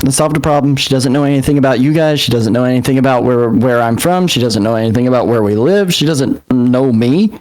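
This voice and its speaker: A man's voice: medium pitch, a little fast, few pauses, darkish tone. A man, a tabletop player speaking heatedly in character, defiant and swearing. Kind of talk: in-character tabletop role-play.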